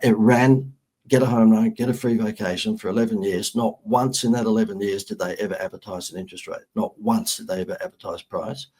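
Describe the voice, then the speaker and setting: A middle-aged man with an Australian accent, a guest on an interview show, telling lively anecdotes with sarcastic humor. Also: lowish voice, brisk, slightly rough. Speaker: guest, marketing consultant. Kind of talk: storytelling interview chat.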